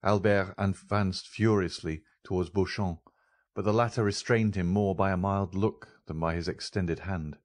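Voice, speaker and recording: A man narrating a classic novel as an audiobook, steady and unhurried. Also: deep voice, no room sound, clean studio sound. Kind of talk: scripted narration.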